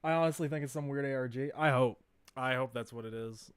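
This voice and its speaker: A man's voice: medium pitch, fast, clear, resonant tone, dry recording, studio quality. A young man streaming a casual live reaction, blunt, profane and incredulous, often laughing.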